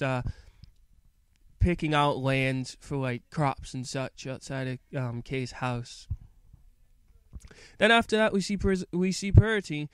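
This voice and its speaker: Guy rambling thru an anime recap, lots of ums, mid pitch, dead dry room. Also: smooth, dry recording. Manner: rambling, hesitant, many fillers. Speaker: anime reviewer. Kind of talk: casual episode recap.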